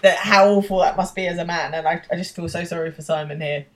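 Woman, slightly low voice, podcast co-host, casual recap chat, lots of fillers. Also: fairly even intonation, fast talker. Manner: chatty, laughing, many "like" fillers.

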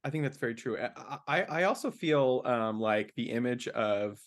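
A man's voice: mid-range voice, expressive, moderate pace. Playful man hosting a podcast. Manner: playful, laughs often. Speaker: podcast host. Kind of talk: casual podcast chat.

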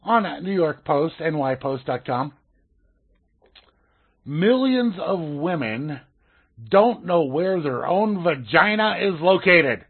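An easygoing man reads news stories on a casual podcast, stammering into restarts and laughing along. His voice sits a little high for a man. The sound is narrow and phone-like. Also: expressive, slow pace, husky. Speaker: podcast co-host.

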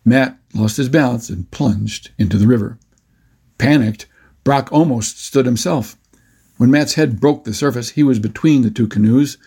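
A man narrating a children's adventure story with a steady, expressive reading. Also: mid-range voice, moderate pace, slightly rough.

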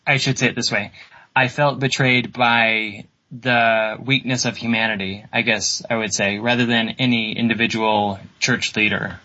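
A man being interviewed, speaking in a thoughtful, measured way with pauses and fillers. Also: medium pitch, steady tone, bright, forceful tone, highs cut off. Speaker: interview guest. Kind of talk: reflective conversation.

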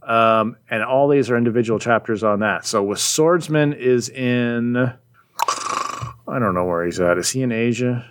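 Man, casual chat, animated storytelling, plain mid voice. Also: mid-range voice, background noise. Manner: rambling, animated retelling with quick voices for characters. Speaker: podcast co-host recapping a comic.

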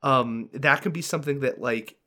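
A man's voice: mid-range voice, normal speed, pushed and bright. Male podcast co-host, mid-range voice, loose rambling delivery full of fillers. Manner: rambling, filler-heavy, laughs while talking. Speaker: podcast co-host and dungeon master. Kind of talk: casual podcast chat.

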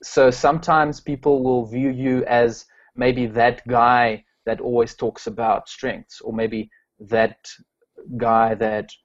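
A man's voice: mid-range voice, little pitch movement, takes it slowly, lo-fi sound. A man from South Africa, a strengths coach, answering interview questions with many fillers and restarts.

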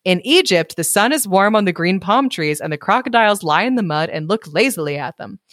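A woman voicing a gentle, devoted male swallow while reading a storybook aloud, in a tender, pleading tone. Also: mid-range voice, lively intonation, fairly quick, dry recording, studio quality, natural voice.

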